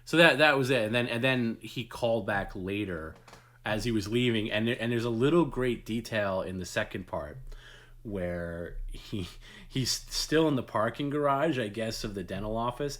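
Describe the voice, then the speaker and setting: Stream host, man, lowish bright voice, loose rambling chat. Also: normal speed. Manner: rambling, repeats himself, restarts. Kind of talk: casual live-stream chat.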